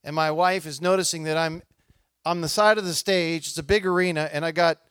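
A middle-aged man preaching a sermon in a conversational, animated way, acting out the people in his stories. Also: a little high, a little fast, smooth, dry recording. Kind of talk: sermon with personal storytelling.

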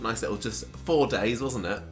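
A man's voice: fairly low pitch, normal speed, over music. A man hosting a podcast, chatting cheerfully while he has a cold. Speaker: podcast host. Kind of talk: casual chat.

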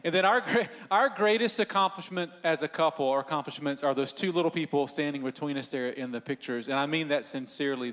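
Man, forties, pastor, church panel, self-deprecating jokes, sincere, slightly raised pitch. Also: brisk, fairly bright tone. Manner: joking, self-deprecating, heartfelt.

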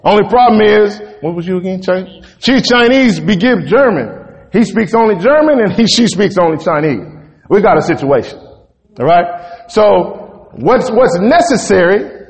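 Man preaching, high voice, long hall reverb, conversational, checks in with listeners. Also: animated, normal speed, gravelly. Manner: conversational preaching, asks "right?" often. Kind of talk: sermon.

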